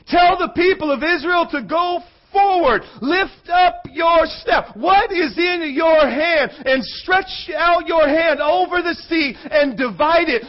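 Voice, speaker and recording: A male pastor preaching a sermon, swinging from loud shouting to a hushed, intense murmur. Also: very high voice, lo-fi sound.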